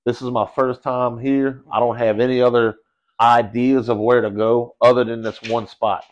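Guy with telling a story on a podcast, lively, lots of bro and dude. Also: medium pitch, normal speed, dull audio. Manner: animated storyteller, slangy, says bro and dude. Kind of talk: casual chat.

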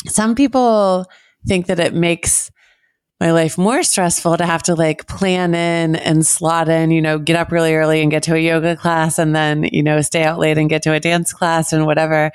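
A hoarse woman with a cold co-hosts a casual podcast in a low, gravelly voice. She speaks slowly and playfully. The sound is dry and close. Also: dry recording. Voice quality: raspy. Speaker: podcast co-host. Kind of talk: casual chat.

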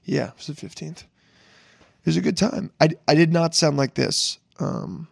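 Hoarse young dude rambling on his podcast, super gravelly, voice a bit high, dry close mic, cursing and joking around. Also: a little slow, no room sound. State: hoarse, recovering from lost voice. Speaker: podcast host. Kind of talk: casual solo podcast intro.

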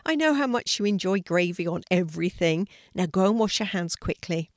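An older woman reading a storybook, voicing a kind, calm mother who speaks gently. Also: fairly low pitch, brisk, no echo, clean studio sound.

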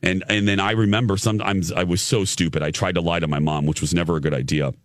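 A man's voice: sits low, level tone, fast talker, no echo, studio quality. A middle-aged man from Indiana hosting a radio show, telling a story in casual chat with stammered restarts and laughter at himself.

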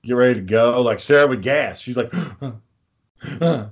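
A man co-hosting a podcast, speaking in an ordinary middle-pitched voice. He rambles through explanations with plenty of fillers. He swears freely in easy, casual chat. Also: fairly quick, muffled recording. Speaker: podcast co-host.

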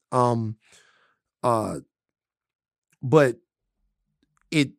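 A man's voice: mid-range voice, dry recording, clean studio sound. A man co-hosting a podcast, making his points emphatically and repeating lines for stress. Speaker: podcast co-host. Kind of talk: casual chat.

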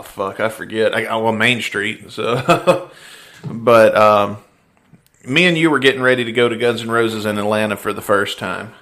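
A man's voice: lowish voice, a bit bright. A man, hosting a podcast and telling a story in casual, profane chat. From Mississippi, US. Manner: storytelling, swearing, laughing often. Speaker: podcast host.

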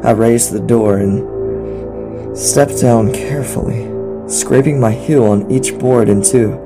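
A man narrating a first-person horror story in a measured way, with occasional stumbles. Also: medium pitch. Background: music.

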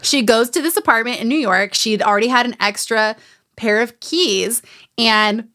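A woman hosting a casual podcast chat, retelling a memoir with lively, animated storytelling, acting out the quotes and swearing freely. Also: fairly high pitch, normal speed. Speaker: podcast host recapping a memoir.

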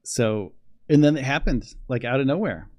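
A young man talks on his livestream in a loose, rambling way, full of fillers and restarts, and bubbles over with excitement. His voice sits at an ordinary middle pitch. The sound is dry and close, with no room echo. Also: normal speed. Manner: rambling, excitable, laughs often. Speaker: space news livestreamer. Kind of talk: casual livestream chat.

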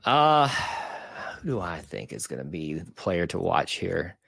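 A man's voice: deep voice, big pitch swings, measured pace, vocal fry, a bit bright, slightly rough, dry recording, clean studio sound. A man co-hosting a sports podcast, chatting casually with jokes and frequent restarts. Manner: jokey, hesitant restarts. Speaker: podcast co-host.

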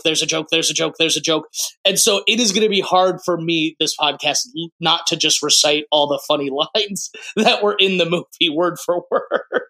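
A man's voice: sits high, pushed and bright. A man in his late twenties co-hosting a podcast, chatting casually about a movie and acting out quotes in raised voices. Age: 20s. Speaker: podcast co-host.

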